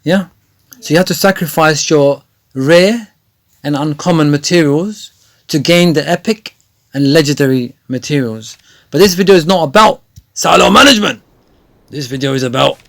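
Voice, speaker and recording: A man giving chatty, rambling gameplay tutorial commentary that often turns excited. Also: on the high side, moderate pace, gravelly, long pauses. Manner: chatty, rambling with many fillers, grows excited. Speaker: gaming video creator.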